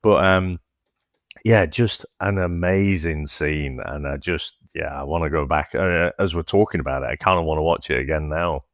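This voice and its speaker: A man's voice: a bass voice, normal speed, no echo. A man with a Northern English accent co-hosting a film podcast, talking things through thoughtfully, with stammered starts and casual swearing. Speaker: podcast co-host. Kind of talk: casual film review chat.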